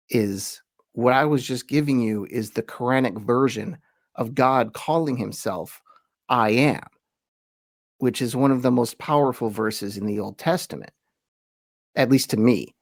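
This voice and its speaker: A man who hosts and teaches gives an easygoing, conversational lesson at a middling pitch, relaxed and full of asides. When reading quoted verses, he slows down and stresses each word. The recording is dry and close, with no room sound.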